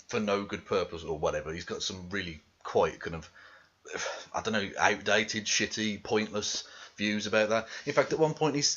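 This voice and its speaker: A man rants through a commentary video, swearing freely and full of scorn. His lowish voice comes across as forceful and tense. The audio sounds dull and lo-fi. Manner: profane, scornful. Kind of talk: ranting commentary monologue.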